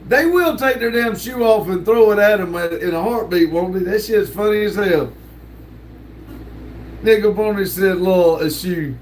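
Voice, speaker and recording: A man's voice: sits high, a little slow, slight background noise. An older man, hosting a casual livestream and reading chat messages aloud in a laid-back drawl with lots of laughs. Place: home room with sticker wall.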